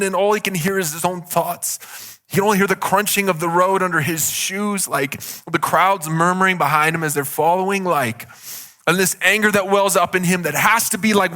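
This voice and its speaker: A man's voice: sits high, normal speed, pushed and bright. A male pastor giving a conversational sermon, often saying "like" as he speaks. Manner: conversational, heavy use of "like".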